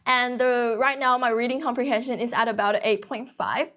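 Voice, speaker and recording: A young woman in her late teens hosting a casual livestream, talking quickly and continuously with few pauses. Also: on the high side, steady tone, fairly bright tone. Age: young adult. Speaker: livestream host teaching English.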